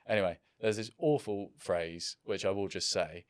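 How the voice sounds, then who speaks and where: A man's voice: low voice, normal speed, smooth, dry recording, clean studio sound. A man in his thirties, a business founder, talking in a casual interview in a reflective, self-deprecating way.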